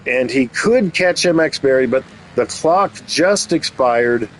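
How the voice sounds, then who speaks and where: Animated but a little slow, a mid-range male voice gives race play-by-play as commentator and channel host, trading calls for teasing jokes. Slight background noise runs through the rough recording.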